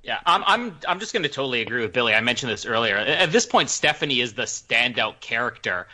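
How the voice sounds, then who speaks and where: A man co-hosting a casual podcast chat, giving quick and emphatic opinions. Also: mid-range voice, very animated, bright, forceful tone. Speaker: podcast co-host.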